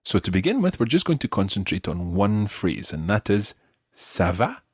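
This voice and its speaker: A man teaching a beginner language lesson on a podcast, patient and clear as he models words for learners to repeat. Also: lowish voice, sing-song, a little fast, no echo, studio quality.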